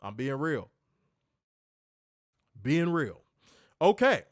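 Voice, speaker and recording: A man co-hosting a casual wrestling chat, joking, slangy and animated. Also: a little high, extremely slow, no echo, studio quality. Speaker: podcast co-host.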